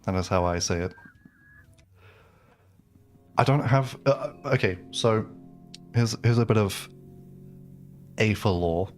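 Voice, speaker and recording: An English game streamer from England talks casually with his live-stream audience as he plays, rambling with lots of fillers and restarts. His voice is lowish and slow, with long pauses, and soft music plays in the background.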